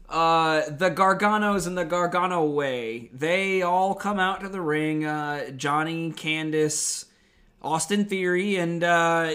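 A man's voice: high-pitched, sharp tone. Chatty young man, rambling and wry. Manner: rambling, filler-heavy, wry. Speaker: podcast co-host. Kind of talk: casual wrestling recap chat.

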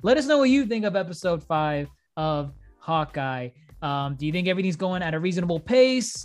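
A man hosting a casual podcast, chatting loosely and laughing often as he wraps up the episode. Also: on the high side. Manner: laughing, loose and animated sign-off. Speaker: podcast host.

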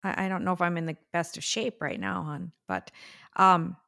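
An older woman co-hosting a podcast, chatting casually and telling stories with drawn-out fillers and sighs. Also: lowish voice, gravelly, sharp tone. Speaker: podcast co-host. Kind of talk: casual chat.

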